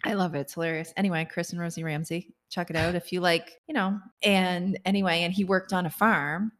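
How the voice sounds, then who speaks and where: A woman's voice: fairly low pitch, steady tone, fairly quick, fairly bright tone. A woman co-hosting a podcast in casual chat, teasing her co-host with playful questions and jokes.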